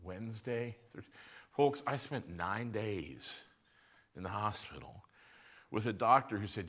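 A male pastor telling a personal story in a sermon, conversational, moving between loud emphasis and hushed moments. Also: lowish voice, expressive, unhurried, pauses often.

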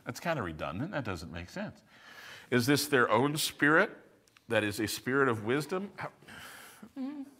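Lively man preaching a teaching sermon. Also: mid-range voice. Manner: lively teaching voice, asks and answers rhetorical questions. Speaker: pastor. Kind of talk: expository sermon.

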